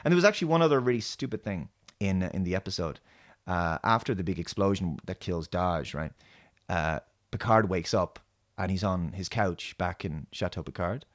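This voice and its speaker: A man's voice: low-pitched, moderate pace. A man hosting his own show, rambling through a critical TV episode review with many restarts and fillers. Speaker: show host.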